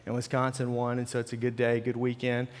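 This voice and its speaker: A senior pastor with a medium-pitched, monotone voice speaks fairly quickly as he preaches to a live congregation in a church sanctuary. His sermon is loose and conversational, full of restarts and asides, and the recording carries a long hall reverb.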